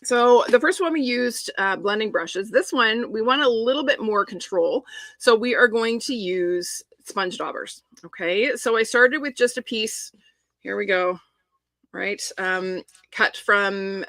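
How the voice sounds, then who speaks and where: A woman's voice: mid-range voice, normal speed, fairly bright tone, no echo. Middle-aged lady talking thru a card-making demo, chatty and upbeat, dry close sound. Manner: chatty, enthusiastic, talks while working. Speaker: papercraft demonstrator. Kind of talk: live crafting demonstration.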